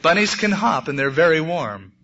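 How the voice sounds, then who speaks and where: A man voicing a great silver wolf who speaks gently and deliberately. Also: on the high side, big pitch swings, exaggerated voice. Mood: gentle. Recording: muffled lo-fi recording.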